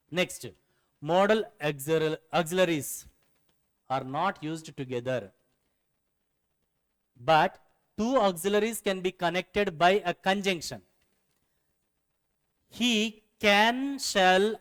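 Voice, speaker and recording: A man's voice: high-pitched, big-room sound. A man teaching a grammar lesson, explaining rules step by step and repeating key phrases.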